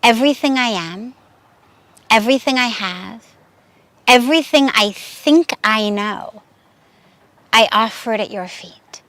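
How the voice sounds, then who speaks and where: A woman spiritual teacher giving a reflective sermon and telling a teaching story in a measured way. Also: a little high, fairly bright tone, dry recording.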